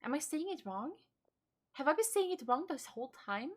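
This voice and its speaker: A woman streamer doing casual let's-play commentary, talking in a profane, animated and joking way. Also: sits high, normal speed. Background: game music.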